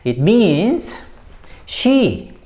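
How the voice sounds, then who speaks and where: A woman teaching English, explaining word meanings slowly and patiently, repeating the key phrases. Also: mid-range voice, big pitch swings, mellow, roomy sound. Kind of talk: explaining English usage to learners.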